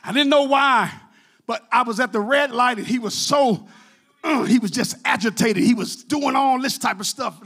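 A male pastor preaching a sermon in a church, shouting in rhythmic, repeated phrases. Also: very high-pitched, normal speed, breathy edge. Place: church sanctuary.

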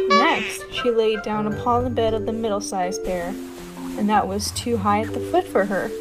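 Expressive woman narrating a fairytale. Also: on the high side. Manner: expressive, emphatic reading. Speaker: guest storyteller. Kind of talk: storybook narration. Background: background music.

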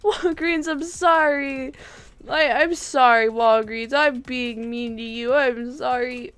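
A woman livestreaming a game, chatting to friends in the game in an excitable, giggly way, often shouting their names and apologizing. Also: high voice, slow, a little hiss or hum. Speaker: gaming livestreamer. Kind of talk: live gameplay chatter.

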